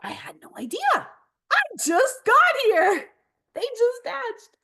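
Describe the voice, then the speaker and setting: A woman voicing a shy, gentle young boy crocodile who talks in a soft, hesitant way. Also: medium pitch, wildly swooping pitch, slow pace, creaky, husky, heavily acted. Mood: worried.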